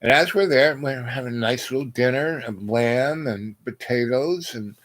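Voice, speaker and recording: A man's voice: mid-range voice, normal speed, fairly bright tone, no echo. A man telling a rambling personal anecdote in a casual way, acting out the dialogue and tossing in asides. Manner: rambling, acts out dialogue, frequent "you know" and "right?". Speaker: storyteller.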